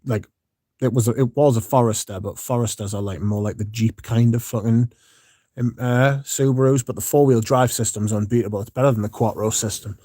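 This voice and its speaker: A man's voice: medium pitch, fairly even intonation, brisk, warm tone, no echo, studio quality. A man hosting a casual livestream, sleepy and yawning, rambling and swearing as he chats to his viewers. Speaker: livestream host.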